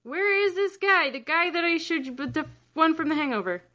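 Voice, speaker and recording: A woman co-hosting a casual chat, joking around in a playful, deadpan way. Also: extremely high pitch, a little fast, no room sound, clean studio sound. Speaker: podcast co-host.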